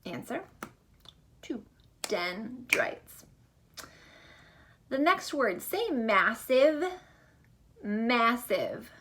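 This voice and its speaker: A woman teacher recording a distance-learning lesson for young students, deliberate and encouraging with gentle teasing. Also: on the high side, very animated, a little hiss or hum.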